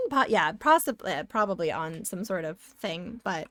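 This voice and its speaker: A woman's voice: lowish voice, animated, measured pace, a bit bright, no echo, studio quality. A woman streamer chatting playfully and sassily with her viewers while she draws, giggling often. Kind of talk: casual live-stream chat while drawing.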